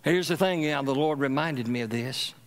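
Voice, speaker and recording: A middle-aged man preaching a sermon as a pastor in a church, calling on the congregation to respond and swinging between loud exhortation and soft, low murmurs. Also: normal speed. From Louisiana, USA. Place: church sanctuary.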